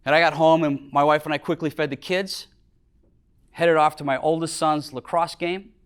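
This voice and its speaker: In a lecture hall before an audience, a middle-aged Minnesota business owner gives a motivational talk full of earnest stories. At emotional moments his voice drops low and quiet.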